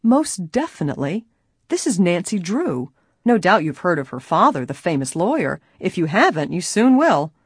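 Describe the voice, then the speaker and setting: A woman's voice: fairly low pitch, big pitch swings, moderate pace, slightly rough, dry recording, studio quality. A woman reading an audiobook, voicing a blunt, confident young man. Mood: blunt firm. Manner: blunt, assertive. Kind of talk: audiobook character voice.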